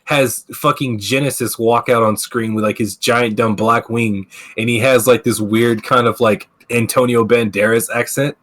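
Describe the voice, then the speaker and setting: A man's voice: mid-range voice, steady tone, normal speed, few pauses, fairly bright tone. Ranting, foul-mouthed podcast host man. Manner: profane, ranting, lots of filler words. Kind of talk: casual gaming podcast chat. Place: streaming setup.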